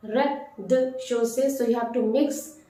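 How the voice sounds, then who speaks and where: Lady teacher, slow, repeats every word, big echo all around. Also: high-pitched, darkish tone. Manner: repeats each word slowly and deliberately. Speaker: French teacher. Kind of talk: slow vocabulary lesson. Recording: very echoey room.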